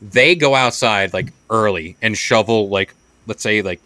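A man's voice: fairly low pitch, unhurried, pushed and bright, dry recording. A young man from New York co-hosting a podcast in casual chat, rambling and filling his talk with "like". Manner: rambling, says "like" a lot. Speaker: podcast co-host.

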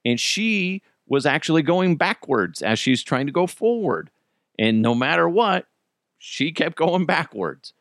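A man, the host of a podcast, telling a story in a casual, animated way, swearing freely and laughing as he goes. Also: fairly high pitch, a little slow, no room sound, clean studio sound. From United States.

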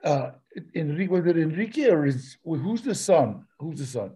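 A man's voice: fairly high pitch, lively intonation, moderate pace, dark tone, breathy edge. An older man, telling stories as a guest in a casual interview, rambling and laughing. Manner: rambling, laughing, full of "you know" and "man". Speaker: guest actor.

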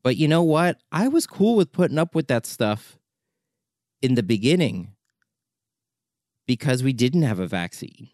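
Male documentary maker, heated monologue, mid-pitched, insistent repeats, dry close sound. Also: sing-song, measured pace, long pauses, a little mellow, no echo. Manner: exasperated, urgent, repeats words for emphasis. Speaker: documentary filmmaker. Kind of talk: impassioned opinion monologue.

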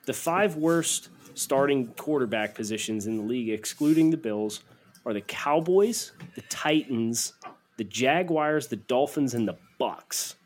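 A man's voice: medium pitch, expressive, measured pace. A man co-hosting a casual sports podcast, reading listener takes and teasing his partner. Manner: teasing, joking. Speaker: podcast co-host.

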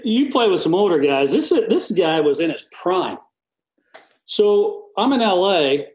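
A man, a former relief pitcher, telling an animated story on a panel, acting out quotes and laughing often. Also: reverberant, poor audio.

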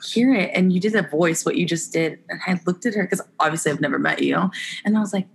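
Low, gravelly young woman chatting. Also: fast talker. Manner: laughing, candid, filler-heavy. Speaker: guest, Olympic softball player. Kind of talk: casual podcast chat.

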